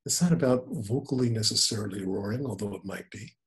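A man in his seventies, a spiritual teacher talking in an unhurried, gentle storytelling manner. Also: on the low side. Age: 70s. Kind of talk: spiritual conversation.

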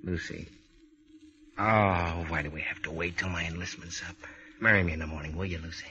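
An actor playing an eager, lovesick young sailor, earnest and pleading in 1930s radio drama style. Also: male voice, sits low, steady tone, fairly quick, crowd noise, lightly acted. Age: young adult. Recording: scratchy dull old radio transcription.

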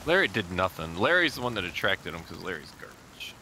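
A man's voice: deep voice, sing-song, fairly quick, bright, forceful tone, slight background noise. A man co-playing a game, trading dry, mock-grumpy banter. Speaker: co-player. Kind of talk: casual gameplay chat.

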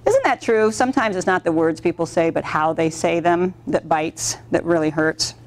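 Animated middle-aged woman teaching a workshop. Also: lowish voice, normal speed, slight background noise. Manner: animated storytelling with acted-out quotes. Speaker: workshop instructor. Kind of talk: presenting a training workshop.

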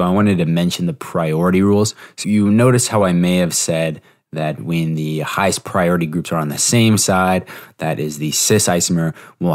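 A young man hosting a podcast, giving a relaxed, explanatory review lesson with fillers and self-corrections. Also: sits low. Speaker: podcast host teaching exam prep. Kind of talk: casual spoken review lesson.

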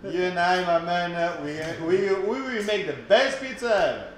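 A man's voice: high-pitched, lively intonation, unhurried, echoey room, a little hiss or hum. A man with an Italian accent hosting a live cooking class, joking and exclaiming in Italian.

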